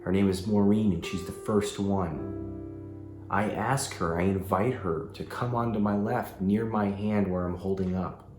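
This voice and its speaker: A man's voice: deep voice, steady tone, unhurried. A man in voice-over, earnestly explaining a paranormal session he recorded. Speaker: paranormal vlogger. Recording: echoey room, music underneath.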